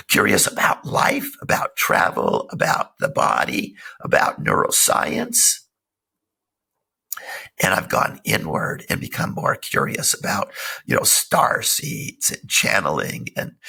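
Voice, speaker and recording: A middle-aged man hosting a self-help podcast, talking casually and earnestly while hoarse from a cold. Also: fairly low pitch, pushed and bright. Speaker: podcast host. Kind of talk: casual solo podcast talk.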